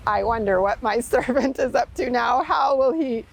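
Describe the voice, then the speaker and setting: A woman's voice: a little high, moderate pace, vocal fry, a little hiss or hum. A woman voicing a smug king who chuckles to himself and teases his servant. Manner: amused, teasing.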